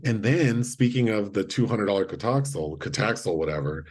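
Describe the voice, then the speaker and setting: A man with a husky, lowish voice recaps a movie for his co-host. He talks casually and animatedly, acting out the characters' lines as he goes. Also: normal speed. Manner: animated storyteller, acts out quotes. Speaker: podcast co-host. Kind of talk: casual chat, retelling a film.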